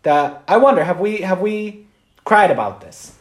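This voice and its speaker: High-voiced priest preaching in an echoey church. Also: male voice, big pitch swings, moderate pace. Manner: conversational, frequent "right?" and "like". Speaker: Catholic priest. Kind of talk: informal Sunday homily.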